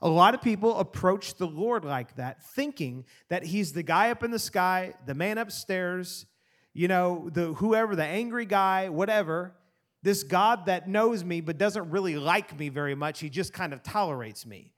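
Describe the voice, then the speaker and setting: A man preaching a sermon in an animated way, swinging from loud emphasis to quiet asides. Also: high voice, moderate pace. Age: adult parent. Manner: animated preaching, rising and dropping to soft asides. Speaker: pastor.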